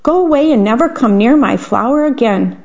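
A woman's voice: fairly high pitch, animated, fairly quick, a little mellow, lo-fi sound. A woman reading a picture book aloud, voicing a proud, cross, lonely older man who scolds his gardener.

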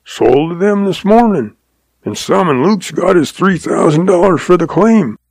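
A man voicing a shrewd old cowboy who talks in a slow, patient, folksy drawl. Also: high voice, expressive, gravelly, a little mellow, no echo, pitched above the performer's own voice, exaggerated voice. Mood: patient, sly. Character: shrewd old cowboy, calm, sly, chuckling.

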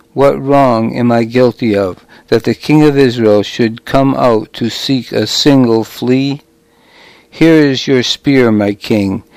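A man voicing a firm young warrior-leader who speaks in an earnest, measured way in a storybook reading. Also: mid-range voice, darkish tone, clear, resonant tone, dry recording, rough recording.

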